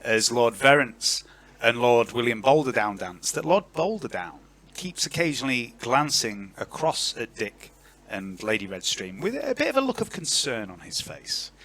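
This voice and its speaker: A man narrating a tabletop role-playing game as game master, in an animated and chatty way. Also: medium pitch, moderate pace.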